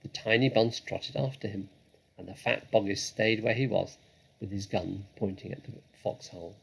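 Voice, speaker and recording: A man reading a children's story aloud in a dramatic, measured way. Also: on the low side, steady tone, vocal fry, slightly rough, rough recording.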